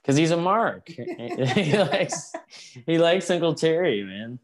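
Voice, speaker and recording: A man's voice: on the high side, sing-song, takes it slowly, crowd noise. A man co-hosting a podcast, casually joking and laughing while watching an old wrestling match. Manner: laid-back, laughing, profane banter. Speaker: podcast co-host.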